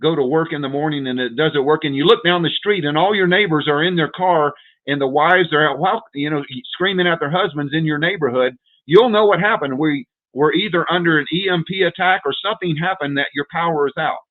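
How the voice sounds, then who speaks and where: Briskly and in a fairly high pitch, a prepper host rants directly to his livestream viewers, lecturing them urgently, repeating himself, and calling them "folks" constantly. The audio has a tinny, phone-like quality.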